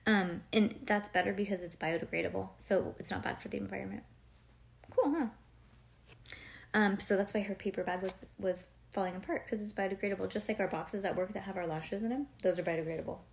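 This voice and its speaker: A woman's voice: medium pitch, brisk, vocal fry. A woman reading a children's storybook aloud in a home recording, breaking off to chat, quiz her listener and explain things, with many "like"s and "um"s. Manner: conversational, quizzes the listener, digresses with "like" and "um". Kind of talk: storybook reading with chatty asides.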